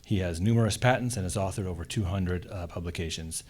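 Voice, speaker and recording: A man with a fairly low voice reads a formal award introduction at a university commencement. His delivery is measured and deliberate, with the occasional filler as he works through a prepared script in an auditorium. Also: a little mellow, slightly rough. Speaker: faculty presenter.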